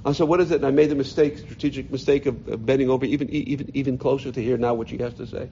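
A man's voice: mid-range voice, fairly even intonation, rapid-fire, vocal fry, warm tone, a little hiss or hum. A middle-aged man telling a personal story to a gathering, heartfelt and full of restarts, in a dull lo-fi recording. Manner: heartfelt, repeats words often while searching for them. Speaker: speaker telling his life story.

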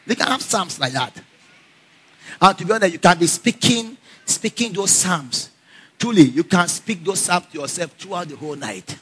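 Preaching at normal speed in a high-pitched, slightly rough voice, a man tells stories during his sermon. He's animated, laughs frequently and prompts the congregation to respond.

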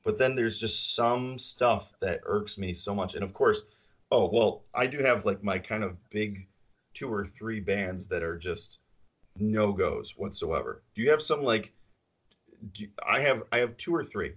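A man's voice: lowish voice, expressive, a little slow, fairly bright tone, husky. A man co-hosting a podcast in casual chat, rambling and opinionated, laughing often. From central New York. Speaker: podcast co-host.

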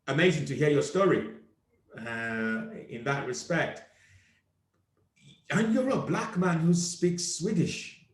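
Man, interview host, effusive and full of praise, slightly higher voice, echoey room. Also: animated, takes it slowly, long pauses. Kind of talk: casual interview.

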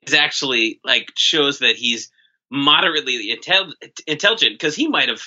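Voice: mid-range voice, expressive, normal speed, pushed and bright, dull audio. A podcast co-host from New Jersey, chatting casually, sarcastic and blunt, swearing freely. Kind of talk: casual comedy podcast chat.

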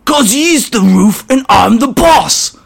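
A man's voice: very high voice, lively intonation, takes it slowly, creaky, pitched above the performer's own voice, exaggerated voice. Man doing a screechy little goblin grunt. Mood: cheeky. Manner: screechy, whiny.

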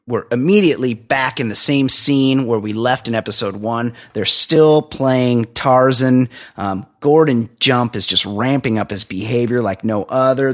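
A man co-hosting a podcast in casual chat, blunt and joking. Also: mid-range voice. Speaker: podcast co-host.

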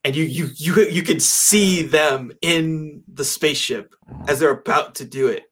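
A man's voice: fairly high pitch, unhurried, fairly bright tone, slightly rough. A man in casual conversation about a film, rambling with lots of fillers and restarts. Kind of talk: casual movie discussion.

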